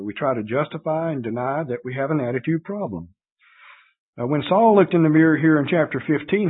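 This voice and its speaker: A man's voice: medium pitch, slightly rough. A man preaching a sermon, reading scripture verses aloud and explaining them in an earnest, conversational way with occasional fillers. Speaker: pastor. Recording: tinny phone-like radio broadcast.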